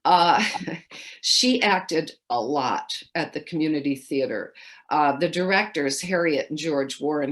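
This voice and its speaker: A woman in her seventies giving a keynote speech, telling amused anecdotes and quoting people with lively shifts of voice. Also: fairly low pitch. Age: 70s. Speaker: keynote speaker. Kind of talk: storytelling speech. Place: home, recorded for a virtual festival.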